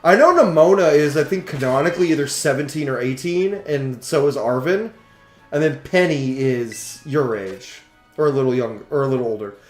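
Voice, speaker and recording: A man giving jokey, excitable commentary while playing a video game, now and then swearing. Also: fairly high pitch, normal speed. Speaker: let's play host. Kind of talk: casual gameplay commentary. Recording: roomy echo, faint game music. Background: faint game music.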